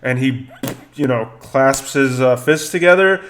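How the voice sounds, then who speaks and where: A man narrating as dungeon master of a tabletop game, unhurried and peppered with ums and uhs as he describes each scene. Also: mid-range voice, a bit bright, slight background noise.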